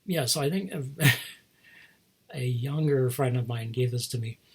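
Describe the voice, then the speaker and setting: Husky chuckling man rambling on. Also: medium pitch, slow pace. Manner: rambling, chuckling often, trailing off into asides. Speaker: host showing toy figures. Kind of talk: casual chat.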